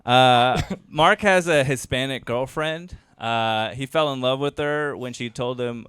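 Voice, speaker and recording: A man's voice: mid-range voice, unhurried, a bit bright, clean tone, dry recording, studio quality. A man telling roast jokes in a comedy club, brash and laughing at his own flubs.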